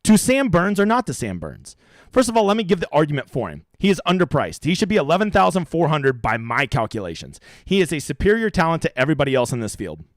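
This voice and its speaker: A young man talks fast and brashly, his pitch leaping around as he rambles through profane strategy talk. His voice sits a little high for a man. The sound is dry and close, with no room echo. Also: big pitch swings. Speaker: fantasy sports streamer.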